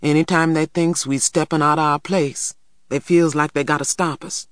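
A man's voice: a little high, steady tone, fairly bright tone, smooth, no echo, studio quality, close to an everyday voice. A man voicing a bitter Southern farmer. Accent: Southern US rural dialect. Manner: bitter, slow, plain-spoken. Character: bitter older Black sharecropper man.

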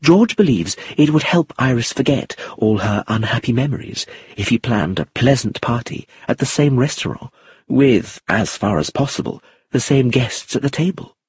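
A man reading a calm, composed wife. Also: medium pitch, husky, dry recording. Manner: calm and measured, sometimes bitter. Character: composed, cool-headed upper-class wife. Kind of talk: audiobook character reading.

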